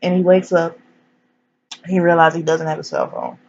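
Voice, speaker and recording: Woman, casual profane movie reviewer who acts out scenes; gravelly, lo-fi recording with faint hiss. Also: lowish voice, huge pitch swings, moderate pace, darkish tone. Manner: rambling, profane, acts out characters. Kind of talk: casual spoiler recap. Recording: dull lo-fi sound, faint hiss.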